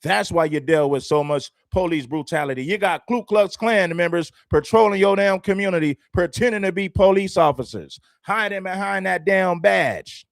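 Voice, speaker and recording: A man's voice: sits high, moderate pace, vocal fry, few pauses, dry recording, studio quality. A man hosting a livestream, talking emphatically and repeating his points like a preacher. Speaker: livestream host. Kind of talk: commentary livestream.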